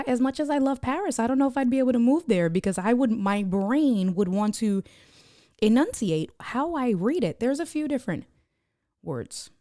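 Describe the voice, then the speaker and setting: A woman's voice: medium pitch, a little mellow, no echo, studio quality. A woman live streamer chatting casually and rambling to her viewers, reading their chat messages aloud. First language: Spanish (bilingual).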